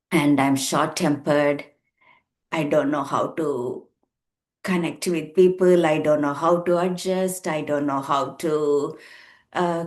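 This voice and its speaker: Slow, low-voiced woman in her sixties. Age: 60s. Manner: earnest, slow and emphatic, repeating words for weight. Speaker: counsellor and therapist. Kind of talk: reflective personal talk to camera.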